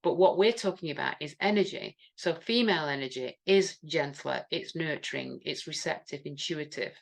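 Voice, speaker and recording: A woman's voice: sits low, normal speed, vocal fry. A woman co-hosting a conversational podcast, reflective and affirming, often acting out quoted thoughts. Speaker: podcast co-host. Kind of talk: conversational discussion.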